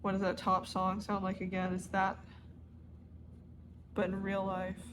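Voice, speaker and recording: A woman's voice: medium pitch, unhurried, background noise. Rambling woman vlogger telling a story. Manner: rambling and animated, with frequent self-corrections. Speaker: crochet vlogger. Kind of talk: casual storytelling vlog.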